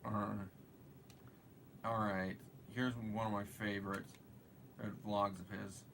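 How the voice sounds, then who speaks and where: A man's voice: on the low side, level tone, a little slow, fairly bright tone, a little hiss or hum. A man hosting a live show, chatting casually and hesitantly, trailing off and restarting his sentences. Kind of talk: casual rambling commentary.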